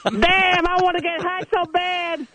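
A man voicing a crude, heroin-craving male elephant in a radio comedy bit, gruff and cursing in broken English. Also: very high-pitched, level tone, a little slow, heavy background noise. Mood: cranky.

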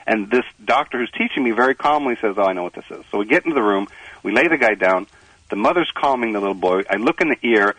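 A male surgeon calling in to a radio show, telling animated, self-deprecating stories with laughs. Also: medium pitch, fast talker, husky, dry recording, low-quality recording. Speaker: surgeon, phone-in guest. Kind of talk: casual storytelling on a radio show. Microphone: phone line.

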